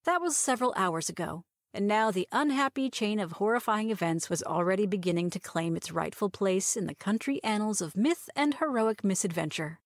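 A woman's voice: medium pitch, animated, brisk, hardly any pauses, no room sound. Woman narrating a romance story, dry sound. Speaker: audiobook reader.

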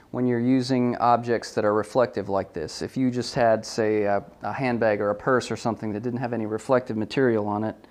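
A man giving a hands-on product photography tutorial, talking through each step casually and correcting himself as he goes. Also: mid-range voice. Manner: relaxed, thinking aloud with frequent ums and self-corrections.

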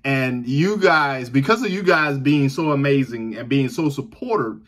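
Here a Southern-accented man from the southern United States talks to camera at a moderate pace, his medium voice slightly bright. As a reaction video host he's enthusiastic and casual, laughing often and repeating himself.

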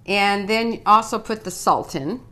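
A woman hosting a cooking show, chatting casually and gushing while she gently instructs her guest in a studio kitchen. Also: mid-range voice, unhurried.

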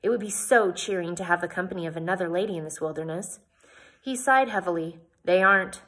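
A woman's voice: fairly low pitch, fast. A woman reading a novel aloud, with plain narration and chatty comments between passages.

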